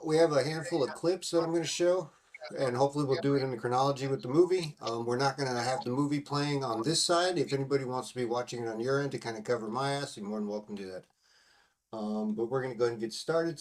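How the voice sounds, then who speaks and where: A man hosting a podcast, recapping a film in a rambling, casual way, swearing freely and using many fillers. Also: mid-range voice. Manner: rambling and profane, full of fillers. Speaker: podcast host.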